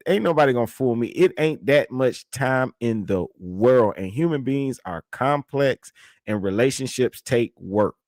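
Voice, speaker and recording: A man's voice: medium pitch, no echo, clean studio sound. Blunt, laughing man reacting to a clip. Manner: blunt, incredulous, laughs often. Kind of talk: casual reaction commentary.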